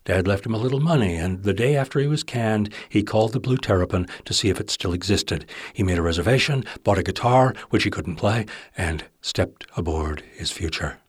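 A man reads literary fiction aloud with a wry, intimate touch. His voice sits low and carries a husky grain. The recording is dry, with no room sound. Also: fairly quick, hardly any pauses, dry recording. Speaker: narrator. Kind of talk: audiobook narration of literary fiction.

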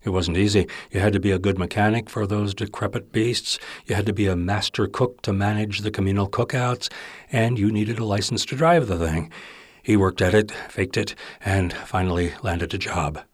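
A man's voice: lowish voice, normal speed, husky, dry recording, clean studio sound. A man narrating literary fiction in a wry, intimate storytelling manner.

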